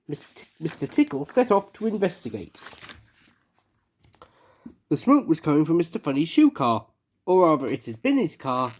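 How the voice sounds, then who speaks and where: Expressive storybook reader. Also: mid-range voice. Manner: expressive, gasps for effect. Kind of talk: children's story read-aloud.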